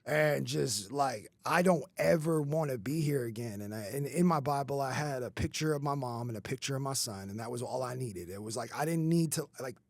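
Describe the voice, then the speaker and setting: A man's voice: medium pitch, a little fast, few pauses, no echo, clean studio sound. A man in his thirties telling his life story on a podcast, casual and rambling, with many fillers and swearing. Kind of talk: candid conversational storytelling.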